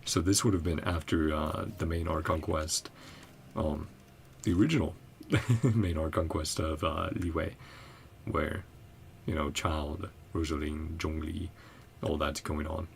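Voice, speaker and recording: A man's voice: extremely low pitch, slow, gravelly, a little hiss or hum. A man hosting a gaming video, chatting casually and thinking aloud with frequent chuckles. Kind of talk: casual game commentary.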